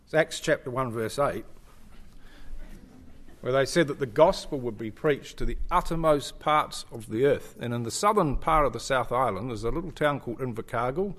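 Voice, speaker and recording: A man's voice: mid-range voice, normal speed, a bit bright. A middle-aged man with a New Zealand accent, a visiting church speaker giving a chatty, joking slide presentation to a congregation. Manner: chatty and joking, with frequent fillers and restarts.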